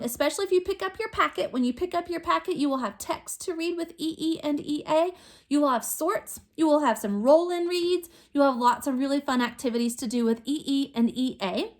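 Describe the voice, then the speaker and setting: Over a remote lesson, a high-pitched woman teacher helps young children with phonics, slowly sounding out words and offering patient prompts at each step.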